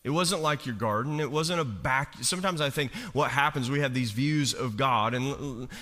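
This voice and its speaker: Pastor, male, higher-pitched, conversational sermon delivery, acts out quotes, church hall reverb. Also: bright, forceful tone. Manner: conversational preaching with rhetorical questions. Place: church sanctuary.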